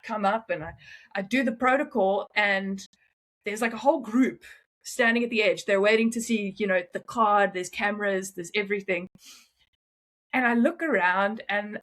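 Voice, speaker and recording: A young woman telling stories as an interview guest, animated and often laughing. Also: medium pitch. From South Africa. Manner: animated, laughing, quick asides. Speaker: guest, freediver. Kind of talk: casual interview storytelling.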